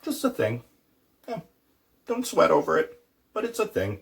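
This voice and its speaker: Male language tutor, casual and playful, pitch swings widely. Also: moderate pace, creaky. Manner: playful, animated, with mock dialogues. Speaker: Irish language teacher.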